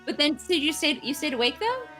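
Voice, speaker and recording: A woman co-hosting a game stream, her voice bright and her pitch swinging widely. She chats casually and reacts expressively, often laughing and gasping. Faint music plays behind her. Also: very animated, fast. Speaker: stream co-host. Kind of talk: casual chat.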